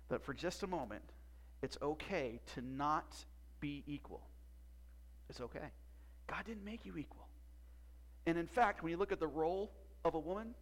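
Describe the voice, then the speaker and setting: A man preaching a sermon as pastor, emphatic, with long pauses and drops to a hush. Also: a little high.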